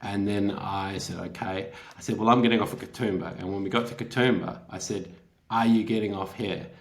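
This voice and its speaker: Low-voiced man telling a story. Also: fairly quick, creaky. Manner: animated, laughs often, acts out quotes. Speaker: writer, guest. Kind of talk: anecdotal storytelling in an interview.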